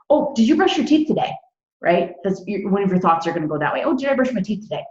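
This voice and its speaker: Woman, meditation teacher, emphatic, repeats phrases, low-ish voice, muffled lo-fi sound. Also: darkish tone. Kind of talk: live instructional talk. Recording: echoey, dull lo-fi sound.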